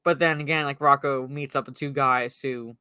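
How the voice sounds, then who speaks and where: Co-host, casual film chat; bright, tense tone; rambles and restarts constantly, close dry mic. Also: medium pitch, steady tone, normal speed, clean tone, no room sound. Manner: rambling, heavy use of "like". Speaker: podcast co-host. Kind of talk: casual movie discussion chat.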